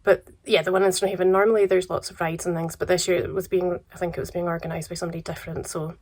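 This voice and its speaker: A Scottish woman vlogging casually about yarn and advent calendars, her voice croaky from a cold, relaxed and chatty with soft trailing asides. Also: fairly low pitch, racing. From Scotland. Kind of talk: casual chat to camera.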